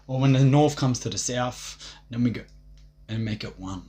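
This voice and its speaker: A man's voice: medium pitch, normal speed, warm tone. A young man rambling profanely on a livestream, swaggering and laughing at his own jokes.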